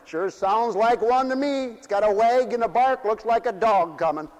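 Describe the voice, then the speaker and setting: A man preaching in a folksy, joking way that climbs into fervent hallelujahs. His voice sits high, and a long reverb hangs in the mission hall around him. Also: normal speed, darkish tone. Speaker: pastor. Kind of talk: sermon.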